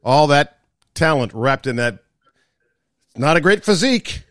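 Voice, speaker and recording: A man's voice: a little high, lively intonation, unhurried, a bit bright, no room sound. Man co-hosting, dry close sound. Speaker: podcast co-host, former golf broadcaster. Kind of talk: casual chat.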